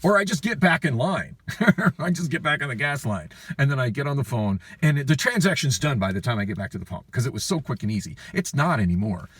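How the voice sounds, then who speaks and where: A man's voice: medium pitch, very animated, fast talker, breathy edge, no echo. A man telling a long, frustrated, profane story in a rambling personal vlog, recorded on a phone with the voice a bit far from the mic. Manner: frustrated, profane, weary venting. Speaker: vlogger.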